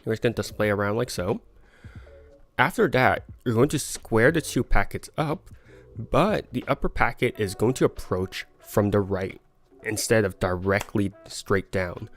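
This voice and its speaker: A man speaking at normal speed in a lowish voice demonstrates a card sleight during a livestream. He fumbles through it, chuckling at his errors, as soft music plays behind him.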